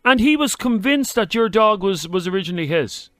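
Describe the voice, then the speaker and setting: A man hosts a radio chat show, teasing and playful as he banters. His voice sits fairly high and swoops around a lot, and the studio sound is dry and close. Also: animated, brisk, pushed and bright, no room sound, faint music behind. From Ireland.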